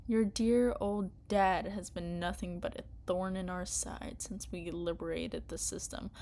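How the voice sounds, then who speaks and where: Story-game villain: a cold, taunting female commander, unhurried and low-key , read out by a woman. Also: fairly even intonation, vocal fry, dark tone. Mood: menacing. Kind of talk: reading game dialogue aloud.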